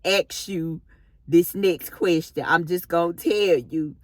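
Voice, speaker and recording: Brief: woman playing a steady, matter-of-fact female nurse, lowish pitch, unhurried delivery. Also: no echo. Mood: calm firm. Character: calm, firm female senior nurse.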